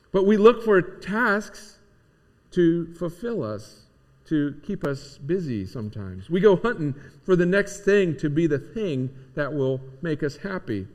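Man preaching in a reverberant hall. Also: on the high side. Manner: conversational preaching with many restarts. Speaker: pastor. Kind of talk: sermon.

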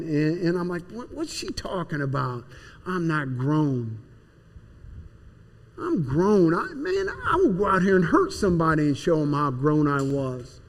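A man's voice: high-pitched, darkish tone. A man plainly and earnestly telling his personal testimony. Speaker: speaker giving personal testimony. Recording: long hall reverb.

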